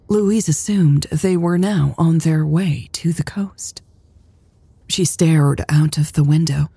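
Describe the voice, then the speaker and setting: Slow, husky female audiobook narrator. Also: fairly low pitch, dry recording. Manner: slow, hushed, measured reading.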